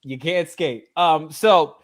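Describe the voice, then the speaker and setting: A man's voice: fairly high pitch, slow. A man hosting a podcast interview, teasing and roasting his guest with lots of laughter. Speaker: podcast host. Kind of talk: casual interview banter.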